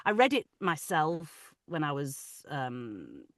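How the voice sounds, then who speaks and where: A woman who narrates audiobooks, talking about her craft in an animated, chatty way with frequent restarts. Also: deep voice, slow. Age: adult, parent of older children. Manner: animated, talkative, many restarts. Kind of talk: casual interview chat.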